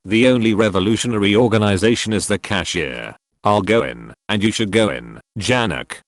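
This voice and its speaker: Man reading intense young revolutionary, curt, decisive, lively intonation, dry recording. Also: lowish voice, moderate pace, no echo.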